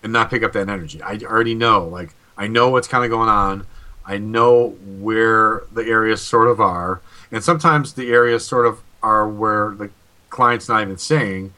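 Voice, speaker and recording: A man's voice: on the low side, moderate pace, bright, forceful tone. A man who investigates hauntings and calls himself psychic, rambling casually on a live video call show and acting out what people said. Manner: rambling, restarts often, acts out quotes. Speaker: paranormal investigator and psychic co-host. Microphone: video call mic.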